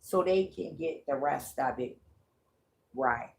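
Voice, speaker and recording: A woman's voice: deep voice, gravelly. A woman hosting a livestream, telling a story in a profane, repetitive way. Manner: slow, drawling, profane, repeats herself. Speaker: livestream host.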